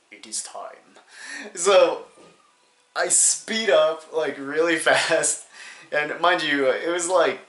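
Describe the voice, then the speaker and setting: A man's voice: fairly high pitch, a bit bright. Rambling young man in a roomy room. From New Hampshire, USA. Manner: rambling, many fillers, laughs between phrases. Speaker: storyteller. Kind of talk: casual comedic storytelling. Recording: roomy echo.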